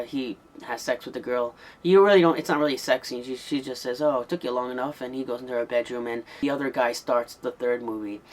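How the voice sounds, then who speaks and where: A man giving a casual, rambling spoken review of an old horror tape, with frequent ums and restarts. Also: mid-range voice. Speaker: VHS movie reviewer.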